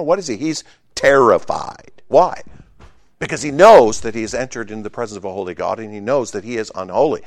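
Lively, emphatic male preacher. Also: on the low side, fairly quick, no echo, studio quality. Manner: emphatic preaching, swinging between loud exclamations and hushed asides; conversational, with humorous asides to the congregation. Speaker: pastor. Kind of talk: sermon.

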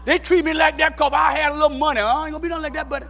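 A man preaching a sermon in plain folksy speech, dropping into low asides and then rising to shouted exhortation. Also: fairly even intonation, rapid-fire, creaky. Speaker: pastor. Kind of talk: call-and-response sermon.

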